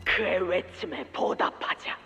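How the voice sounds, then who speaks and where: A woman's voice: very fast, bright, forceful tone, close to an everyday voice. An actress voicing a zealous, unhinged female whaling captain in a game, declaiming grandly and theatrically. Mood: grandiose. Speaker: fanatical ship captain in a game. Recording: game audio with hall reverb and faint music.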